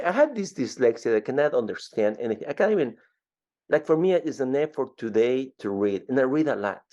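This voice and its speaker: A man in his fifties from Ecuador with an Ecuadorian Spanish accent, telling his story as an interview guest in an animated way, often repeating words. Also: mid-range voice, vocal fry, highs cut off.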